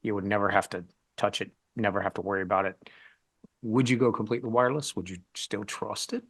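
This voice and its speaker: Chatty man with a lowish voice. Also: fairly even intonation, fast talker, creaky, a bit bright, breathy edge. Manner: chatty, asks long rambling questions. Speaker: interview host. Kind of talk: casual interview talk.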